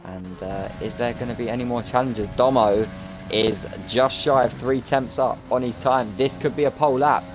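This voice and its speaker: A man's voice: medium pitch, fairly even intonation, moderate pace. A man commentating live on an online racing league, chatty and jokey as he calls the laps. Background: music.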